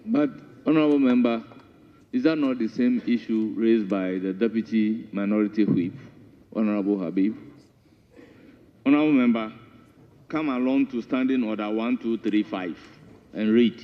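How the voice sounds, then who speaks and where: A man with a Ghanaian English accent chairing a parliamentary sitting, measured and authoritative in formal address. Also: on the low side. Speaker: parliamentary speaker presiding. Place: large parliamentary chamber. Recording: dull broadcast feed, long chamber reverb.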